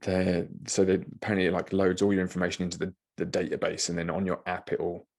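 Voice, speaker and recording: A man's voice: low-pitched, monotone, fast talker, creaky, darkish tone. A man co-hosting a podcast, chatting casually and telling jokey stories where he acts out what others said. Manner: jokey storytelling, acts out dialogue. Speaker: podcast co-host. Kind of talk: casual chat.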